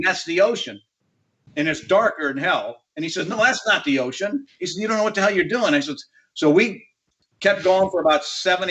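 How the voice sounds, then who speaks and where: A man's voice: fairly high pitch, fairly bright tone. A man telling a rambling, salty off-road racing yarn to a panel in casual chat. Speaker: panel guest. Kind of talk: casual storytelling. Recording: dull lo-fi audio.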